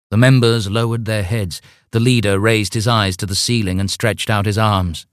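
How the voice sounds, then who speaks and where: Man, audiobook narrator, low voice, deadpan comic reading, dry close sound. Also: normal speed, hardly any pauses, no echo. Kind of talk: scripted narration.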